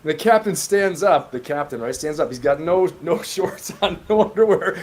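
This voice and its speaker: A man's voice: high voice, fairly quick, darkish tone, a little hiss or hum. A man, a former Marine officer on a panel, telling a story in casual chat and laughing through it.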